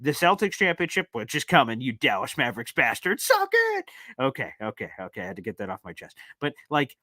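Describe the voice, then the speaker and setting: A young man hosting a live sports fan call-in show, talking in an excitable, rambling and emphatic way. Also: medium pitch, fast, no echo. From northeastern United States.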